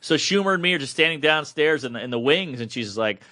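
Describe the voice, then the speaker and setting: Animated bright-voiced man telling a story. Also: a little high, quick pace. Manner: animated, swears freely, acts out quoted people. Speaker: podcast co-host. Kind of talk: casual storytelling chat.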